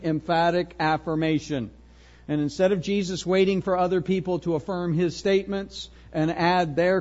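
A man preaching an expository sermon, emphatic and animated, full of rhetorical questions. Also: fairly high pitch, muffled recording.

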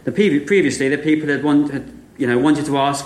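A man preaching a sermon, retelling a parable with vivid, animated storytelling and frequent rhetorical questions. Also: a little high, brisk. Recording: echoey room.

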